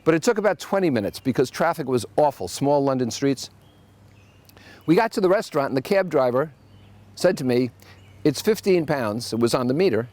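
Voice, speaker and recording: Animated, wry male podcast host. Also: medium pitch, fairly quick. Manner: wry, storytelling, animated asides. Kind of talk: solo podcast monologue with anecdotes.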